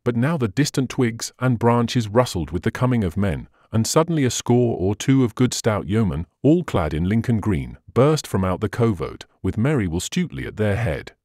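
Low-voiced expressive male narrator. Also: normal speed, few pauses, dry recording, clean studio sound. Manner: expressive storytelling. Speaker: audiobook narrator. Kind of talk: scripted narration.

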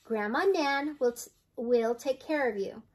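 A calm young mother speaks gently and plainly in a high voice, as an older woman reading a storybook puts her on. She stays even and kind. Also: measured pace.

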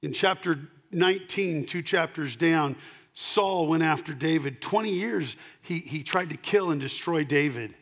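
A middle-aged male pastor preaching a sermon, swinging between loud emphatic punches and quiet asides, and repeating key lines for emphasis. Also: on the high side, measured pace.

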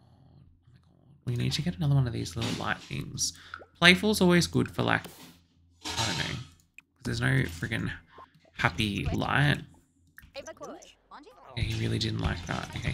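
A woman's voice: extremely low pitch, creaky, noisy background. A woman giving let's play commentary, exasperated and bossing her game characters around as she talks to herself. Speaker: gaming channel host.

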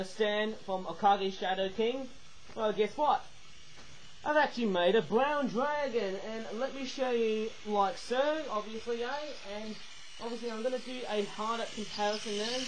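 An excitable man with a high voice chats his way through a toy review. His talk rambles and circles back on itself, full of "obviously" and a questioning "eh?", and his pitch keeps jumping up when something catches his eye. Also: normal speed, slight background noise, low-quality recording. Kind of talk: casual toy review vlog.

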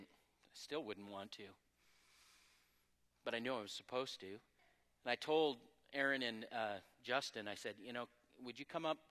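Man, pastor, energetic sermon, bright tone, long reverb. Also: medium pitch. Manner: energetic preaching, swinging from loud exclamations to soft asides. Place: church sanctuary.

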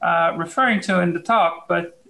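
A woman's voice: on the low side, moderate pace, gravelly, a bit bright, low-quality recording. A woman who is a guest on an online panel, giving a casual technical explanation in a loose, hesitant way with many fillers. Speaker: panel guest, conference speaker. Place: remote video call.

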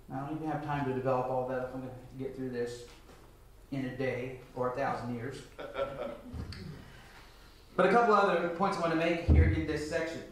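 A man's voice: fairly high pitch, fairly bright tone. A man in his forties preaching a lecture sermon, reading scripture aloud and asking the audience rhetorical questions. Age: 40s. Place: church hall. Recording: echoey hall, mic at a distance.

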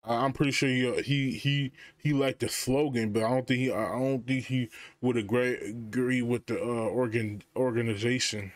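A man's voice: mid-range voice, steady tone, moderate pace, no echo. A man hosting a reaction video, chatting loosely and laughing as he talks straight to his viewers. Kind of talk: casual reaction commentary.

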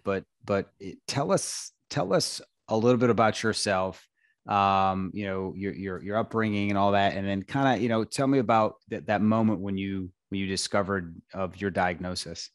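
A man's voice: on the low side, dry recording, studio quality. A man from North Carolina with a Southern accent, hosting a podcast interview in a friendly, easygoing way with many restarts and fillers, speaking into a headset. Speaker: podcast host. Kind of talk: conversational interview.

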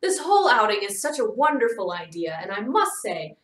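A woman voicing a courteous, flattering gentleman in a read-aloud storybook, speaking a little louder than her narration. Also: medium pitch, moderate pace. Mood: courtly. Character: charming, smooth-talking gentleman violinist. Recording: echoey room, distant mic.

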